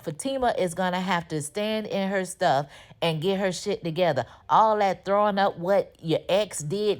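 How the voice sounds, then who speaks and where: Low-voiced woman giving a blunt TV recap. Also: moderate pace. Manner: opinionated, talks straight at the characters; slangy, informal. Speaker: TV recap host. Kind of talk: casual TV episode recap.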